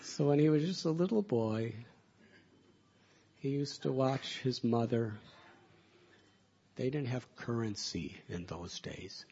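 Slow, gravelly-voiced man telling a sacred story. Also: mid-range voice, expressive, lo-fi sound. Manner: slow, soft-spoken, drawn-out phrasing. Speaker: spiritual teacher. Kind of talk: devotional storytelling talk.

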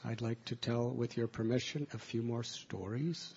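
A man telling devotional stories as a spiritual teacher, soft-spoken, with slow, drawn-out phrasing. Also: medium pitch, steady tone, vocal fry, lo-fi sound, a little hiss or hum. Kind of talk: devotional storytelling talk.

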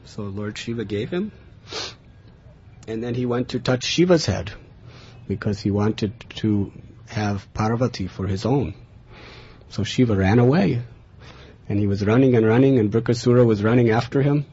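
A man from America, telling a personal spiritual story in an earnest, lively way, recorded in a dull, lo-fi recording. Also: fairly low pitch, normal speed, long pauses, slightly rough. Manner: earnest, animated in tellings, chuckling. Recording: dull lo-fi recording with faint hiss.

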